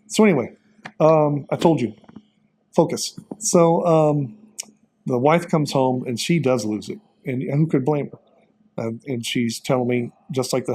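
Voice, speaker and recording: Male pastor and ex-cop, 50s, earnest storyteller, halting and emotional. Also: mid-range voice, darkish tone, breathy edge, rough recording. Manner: earnest, self-described crier, halting with many fillers. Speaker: pastor and former police officer.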